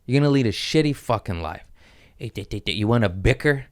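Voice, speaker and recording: Rowdy low-voiced man ranting on a podcast. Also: lively intonation, moderate pace. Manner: loud, rambling, laughs at his own jokes. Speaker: podcast host. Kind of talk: casual profane podcast rant. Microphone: studio podcast mic.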